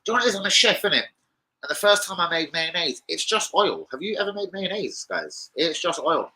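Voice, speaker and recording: A man's voice: high voice, big pitch swings, a little fast, bright, forceful tone, poor audio. A young man, hosting a casual live-stream chat, rambling through stories full of slang and swearing. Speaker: football fan channel host.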